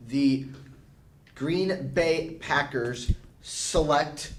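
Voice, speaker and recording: A man's voice: a little high, very slow, reverberant, far from the mic, poor audio. A young man in a casual group chat, speaking in a subdued way. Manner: subdued, reluctant. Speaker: panelist.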